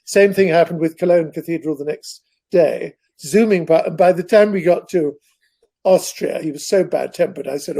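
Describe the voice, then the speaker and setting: A man's voice: a little high, moderate pace, vocal fry, mellow. An older man, a guest author telling long, rambling anecdotes in an interview. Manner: rambling anecdotal storyteller, digressive. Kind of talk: interview conversation.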